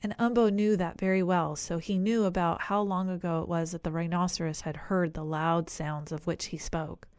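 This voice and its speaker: Woman reading a kids animal story, close dry mic, gentle and clear. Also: on the low side, fairly even intonation, moderate pace, hardly any pauses, no echo. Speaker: audiobook narrator. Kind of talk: storybook narration.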